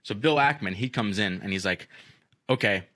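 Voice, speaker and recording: A man's voice: fairly low pitch, fairly quick, bright, forceful tone, no room sound, clean studio sound. A young man hosting a podcast, telling a story in a rambling, profane way, full of fillers. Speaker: podcast host. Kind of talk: casual storytelling chat.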